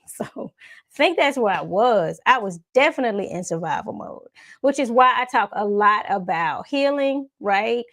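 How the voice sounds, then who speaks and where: A woman vlogger telling a personal faith story in a casual, animated way, with folksy asides to her viewers and frequent laughs. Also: a little high, normal speed, dry recording, studio quality. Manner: laughs often while talking. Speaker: faith and self-development vlogger.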